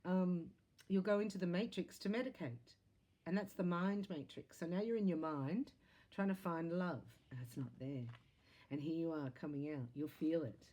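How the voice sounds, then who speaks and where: A low-pitched woman with a warm, mellow voice gives a psychic reading straight to her viewers. She talks in a chatty, excitable way, breaking into laughs and quick exclamations as she goes. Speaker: psychic tarot reader. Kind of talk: spiritual reading monologue to camera.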